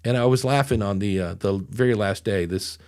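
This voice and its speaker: A man's voice: fairly low pitch, a little fast, darkish tone. A middle-aged man hosting a podcast, telling stories in a rambling, self-deprecating way. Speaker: podcast host. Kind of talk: casual podcast chat.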